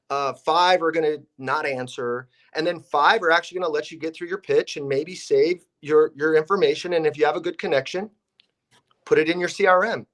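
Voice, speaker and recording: A man's voice: on the high side, a bit bright. A young man, a real estate investor and agent, telling stories casually and acting out his phone calls with realtors. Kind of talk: casual podcast storytelling.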